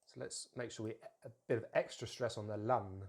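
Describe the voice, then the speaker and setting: A man teaching an English pronunciation lesson, saying model words slowly and repeating them for practice. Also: lowish voice, steady tone, gravelly, a little mellow.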